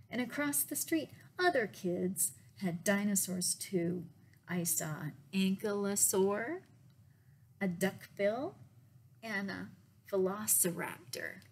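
Woman librarian, storytime read-aloud, slow and gentle, faint hiss behind. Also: mid-range voice, animated. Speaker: children's librarian. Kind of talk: picture book read-aloud.

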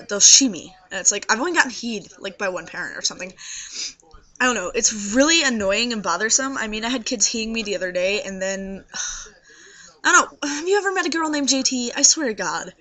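A young trans man with a high voice and a scratchy throat, rambling tiredly to the camera in a casual video diary. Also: pushed and bright. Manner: rambling, tired, many fillers. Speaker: video blogger. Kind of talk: casual vlog monologue.

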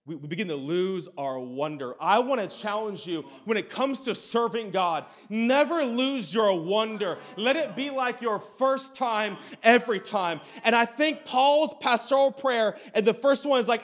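A man's voice: high voice, expressive, moderate pace, hardly any pauses, a bit bright. A man in his thirties, a pastor, preaching a sermon in a conversational storytelling way with sudden bursts of emphasis.

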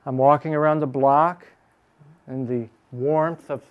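A Chicago man teaching a Bible class repeats scripture phrase by phrase with slow emphasis, then explains it in a quick, lively way. His voice is medium in pitch, and the audio sounds narrow and tinny.

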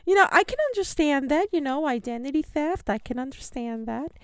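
A woman's voice: high voice, animated, a little fast, dry recording, studio quality. A woman unboxing a craft swap on camera, gushing and giddy, exclaiming and laughing often. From United States. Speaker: paper crafting vlogger. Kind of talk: casual unboxing chat to camera.

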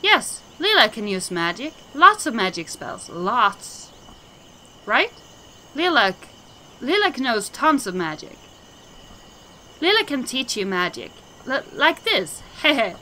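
A woman's voice: on the high side, big pitch swings, slow pace, bright, forceful tone, slight background noise, full character voice. A woman voicing a mad old shaman, Lilac. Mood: childish. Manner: refers to himself in the third person; broken, childlike phrasing. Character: mad old male shaman, childish and boastful. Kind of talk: game dialogue voicing.

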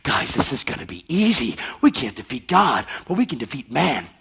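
A man voicing a scheming male devil who huddles his demons and lays out a plan in a low, hushed voice. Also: sing-song, normal speed, vocal fry, husky, heavily acted.

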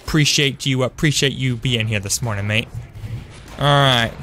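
A man's voice: medium pitch, normal speed, sharp tone, a little hiss or hum. A young man streaming a shooter game live, chatting upbeat with his viewers and greeting them by name, often correcting himself mid-sentence. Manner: self-correcting, trails off with fillers. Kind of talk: live-streamed gameplay commentary.

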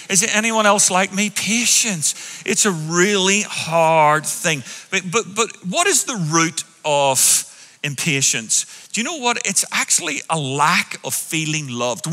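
A man from Europe, a pastor preaching a sermon in a big church, animated and quizzing his congregation with questions. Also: sits high, big-room sound. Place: large church hall with an audience.

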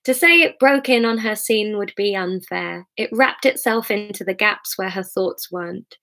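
A woman's voice: medium pitch, normal speed, sharp tone. A woman reads her own novel to a live audience. She narrates expressively and breaks off for giggly, chatty asides to her listeners. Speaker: author reading her novel.

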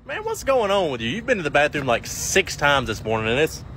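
A man's voice: a little high, wildly swooping pitch, a little fast, sharp tone, slight background noise. A man in a comedy sketch playing an officer and coworker, blunt and full of questions.

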